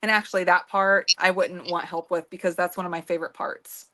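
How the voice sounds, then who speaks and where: A woman's voice: on the low side, flat delivery, fairly quick, pushed and bright. A woman co-hosting a casual beading livestream, talking in a rambling way with many fillers and restarts. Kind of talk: casual chat.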